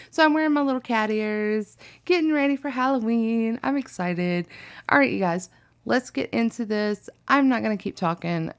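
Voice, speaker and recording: Creaky woman chatting casually. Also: a little high. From Alabama, USA. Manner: chatty and rambling, with many ums and likes. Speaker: reaction video host. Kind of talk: casual reaction vlog chat.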